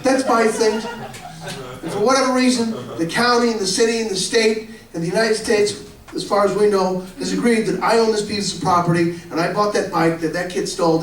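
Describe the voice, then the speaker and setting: Before a live comedy club audience, a man in his forties delivers a profane, animated story with sudden shouts. His voice sits high and far from the microphone, and the roomy live recording picks up the crowd's laughter.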